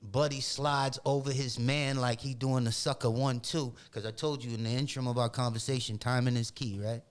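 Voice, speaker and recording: A man from Boston sits in as a podcast guest and tells a long story in casual, profane chat. He is animated and slips into other people's voices as he goes. His voice sits at an ordinary middle pitch. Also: a little fast, smooth. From Boston, Massachusetts.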